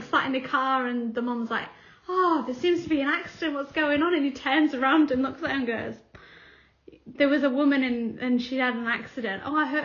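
A woman's voice: sits high, fairly bright tone, highs cut off. A young woman co-hosting a podcast, telling stories in casual chat and acting out quotes with frequent laughter. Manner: chatty storytelling, acts out quotes, laughs often. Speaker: podcast co-host.

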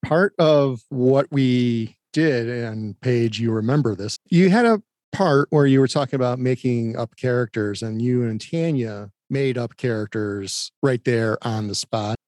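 A man's voice: medium pitch, unhurried, darkish tone, no echo. Friendly man hosting a podcast, dry sound. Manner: friendly, setting up segments. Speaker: podcast host. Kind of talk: podcast interview.

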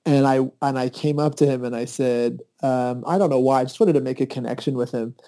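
A man telling a lively personal story in casual conversation, his voice jumping up excitedly when he quotes people. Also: fairly quick. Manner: lively anecdotes with high-pitched, excited quoted asides.

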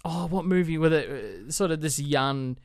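Clear-voiced man co-hosting a film podcast. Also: on the high side, normal speed. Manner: animated, laughs often, quotes scenes in voices. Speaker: podcast co-host. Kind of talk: casual film review chat.

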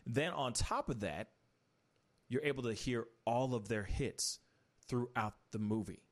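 A man hosting a casual commentary show, animated and opinionated, rambling through entertainment news. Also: mid-range voice, a little slow. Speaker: talk show host.

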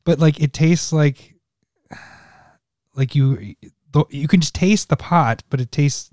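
A man co-hosting a podcast in casual chat, relaxed and quick to laugh. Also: on the high side, no room sound, clean studio sound. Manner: laid-back, laughs often. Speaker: podcast co-host.

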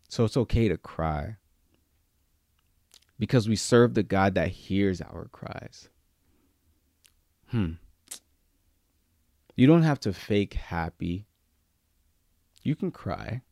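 Man preaching, loud then hushed. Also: lively intonation, slow, long pauses, no room sound, clean studio sound. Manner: swings from loud emphatic peaks to quiet, low-key passages; casual slang mixed into preaching. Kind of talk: sermon.

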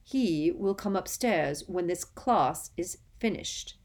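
A sneering schoolmaster clips off his words coldly and curtly. A woman reading a story puts him on. He gives orders with no warmth at all. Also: fairly low pitch, a little slow. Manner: curt, cold. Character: cold, sneering male potions teacher. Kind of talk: audiobook character voice.

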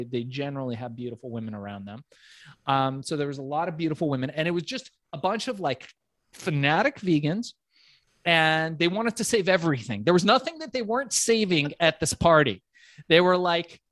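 A man telling a long animated story as a podcast guest, swearing freely and breaking into laughter. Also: a little high, dry recording, studio quality. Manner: profane, animated, quick laughs.

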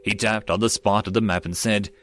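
This man narrates a web novel as an audiobook, handling all the characters alone and lifting his voice whenever he reaches quoted lines. He speaks a little fast, with a low-leaning, fairly bright voice and fairly even intonation.

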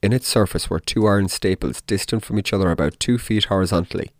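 A man narrating a dark tale in the first person, in a measured, deliberate audiobook reading. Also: lowish voice, no room sound, studio quality.

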